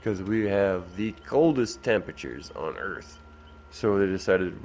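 A man and father chatting casually while gaming online, blunt and quick to swear and laugh. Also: sits low, lively intonation, darkish tone. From Canada. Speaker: streamer and father.

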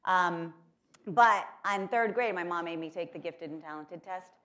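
Low-voiced woman telling stories at a keynote. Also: normal speed, fairly bright tone. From Corpus Christi, Texas. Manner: chatty and self-mocking, with many fillers. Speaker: keynote speaker. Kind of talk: storytelling keynote speech. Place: lecture hall at a conference.

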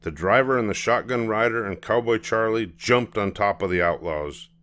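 An older man reading a children's picture book aloud, telling the story in an unhurried, measured way. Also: fairly low pitch, fairly bright tone.

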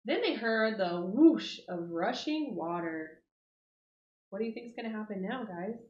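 A woman reading a picture book aloud to children, with animated, expressive storytelling. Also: medium pitch, a little slow. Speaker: 4-H club leader. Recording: roomy, dull lo-fi audio.

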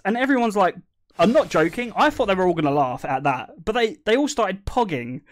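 A young man telling stories to his stream chat in a casual, animated way, swearing and laughing often. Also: sits high, normal speed, a little hiss or hum.

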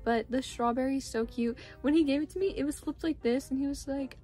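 A young woman with a high voice chats through a casual haul vlog. She gushes and exclaims over each item, her talk full of fillers. Soft music plays faintly under her voice. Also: a little fast. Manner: gushing, excitable, lots of "like" and "oh my gosh". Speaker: vlogger.

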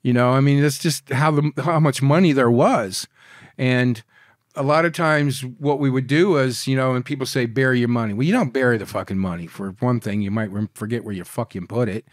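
A man being interviewed as a guest, telling profane, animated stories in a casual chat. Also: mid-range voice, normal speed, dry recording, clean studio sound.

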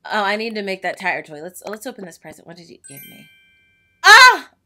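A young woman gaming YouTuber giving casual, excitable, self-mocking commentary as she plays. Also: lowish voice, quick pace. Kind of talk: casual let's-play commentary. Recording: faint game music behind.

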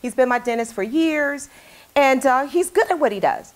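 A woman's voice: sits high, lively intonation, normal speed. A woman talk show host, now the guest in an interview, telling a personal story in a candid, heartfelt way.

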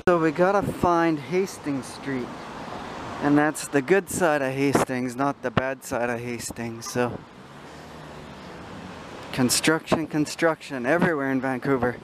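An older vlogger with a mid-range voice talks at a measured pace while holding his camera outdoors in a city. His narration is casual, rambling and chatty, often sidetracked. Expect noisy outdoor camera audio.

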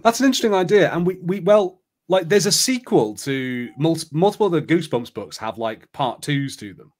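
A man's voice: on the high side, expressive, brisk. A man hosting a live play-along stream, chatty and rambling, reading an adventure book aloud. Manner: chatty, rambling, many fillers.

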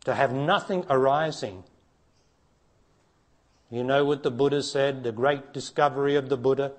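A man giving a spiritual talk to an audience, blunt and challenging, dropping to hushed tones and then rising to emphatic ones. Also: normal speed. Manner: blunt, challenging, preacher-like, asks direct questions; swings between hushed low passages and raised emphatic ones. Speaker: spiritual teacher.

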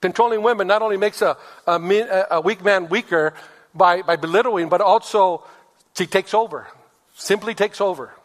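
Male pastor, high-pitched, preaching sermon, reverberant church hall. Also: moderate pace. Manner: preaching with acted-out quotes of husbands and wives; asks the congregation for amens.

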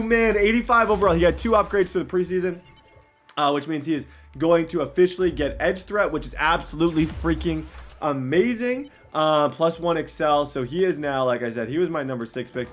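A young man with a slightly high voice talks his way through a football video game, casual and quick to get excited. He swings into loud outbursts and jokes at his own expense. Faint music plays underneath. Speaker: gaming commentator.

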